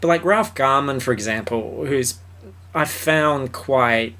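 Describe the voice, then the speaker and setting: A man's voice: medium pitch, slow, bright, forceful tone. A man co-hosting a film review podcast, talking in a loose, rambling way with fillers, restarts and casual swearing. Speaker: podcast co-host.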